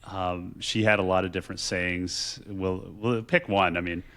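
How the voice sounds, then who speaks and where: A man's voice: sits low, fairly even intonation, normal speed, fairly bright tone. A middle-aged man from Texas, co-hosting a casual chat and telling family stories in a reflective way, with many restarts. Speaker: podcast co-host.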